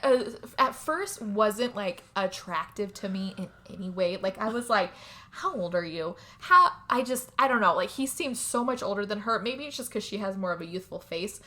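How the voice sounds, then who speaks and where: A woman's voice: mid-range voice, lively intonation, normal speed, few pauses, sharp tone. A woman co-hosting a podcast, recapping a movie in casual chat, with lots of "like" fillers. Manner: chatty, many "like" fillers, laughs while retelling. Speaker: podcast co-host.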